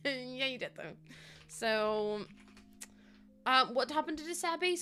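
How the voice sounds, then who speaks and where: A woman's voice: a little high, animated, unhurried, pushed and bright, faint music behind. An Irish woman streaming a game and chatting casually, rambling, giggling often and swearing offhand. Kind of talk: casual live-stream chat while playing.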